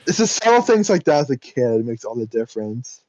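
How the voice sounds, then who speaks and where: A man co-hosting a podcast, chatting casually with quick lively reactions. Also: mid-range voice, no echo, dull audio. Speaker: podcast co-host. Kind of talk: casual chat.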